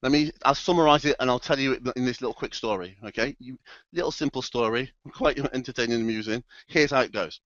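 A man's voice: mid-range voice, fast talker, fairly bright tone, no room sound, lo-fi sound. A man presenting a motivational trading seminar, speaking emphatically and addressing the audience directly.

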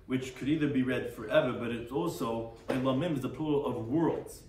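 A rabbi leads a daily Talmud class, reading Aramaic phrases and explaining them in English while animatedly acting out the sages. His medium-pitched voice is fairly quick with hardly any pauses. He sounds far from the mic in an echoey room, with faint background noise.

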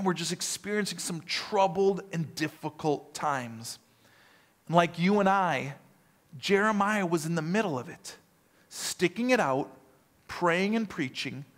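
A man preaching a sermon who tells stories in a lively way, often repeats and restarts his words, and keeps checking in with his listeners. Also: high-pitched. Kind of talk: sermon with personal storytelling.

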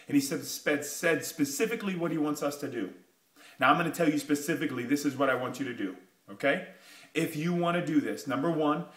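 A man giving a motivational pitch, emphatic and repetitive, pushing his points with rising urgency. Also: reverberant. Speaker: motivational speaker.

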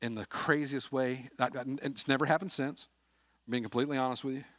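A man preaching a sermon as a pastor, telling a story in an earnest way, dropping to a hush and then rising to loud appeals. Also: mid-range voice, steady tone, brisk, dry recording, studio quality. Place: church sanctuary.

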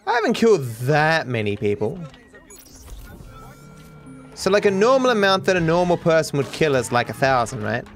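Deadpan Australian streamer, gravelly. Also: male voice, fairly high pitch, normal speed, pauses often, soft background music. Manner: deadpan, joking. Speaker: livestreamer. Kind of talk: casual game commentary.

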